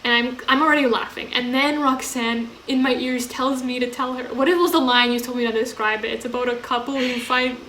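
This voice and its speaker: A woman's voice: high voice, a little fast, hardly any pauses, a bit bright. A young woman co-hosting a podcast, telling a story through laughter in casual chat, full of likes. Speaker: podcast co-host. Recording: roomy echo, faint hiss.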